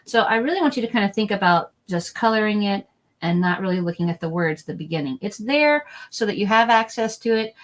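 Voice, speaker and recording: Lady teacher running a family lesson online, chatty, says every word slow and over again. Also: medium pitch, animated, rough recording. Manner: chatty, repeats words slowly for learners. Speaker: Spanish teacher. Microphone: document camera setup, desk mic.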